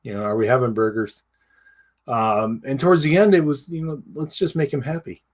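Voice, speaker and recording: A man co-hosting a podcast, talking in a halting, casual way with many fillers and restarts. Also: mid-range voice, steady tone. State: tearful. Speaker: podcast co-host. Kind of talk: casual chat.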